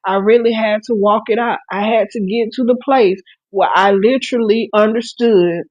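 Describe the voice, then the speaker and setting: A woman with a mid-range, slightly mellow voice speaks at normal speed with fairly even intonation, in dull audio without room sound. Hosting a live stream as a podcaster, she preaches earnestly about faith and grief in a testimony, restarting often and encouraging listeners directly.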